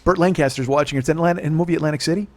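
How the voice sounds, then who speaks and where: A middle-aged man hosting a podcast, ranting in a loud, heavily profane comedic style and laughing at his own jokes. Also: on the high side, very fast, no echo. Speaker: podcast host.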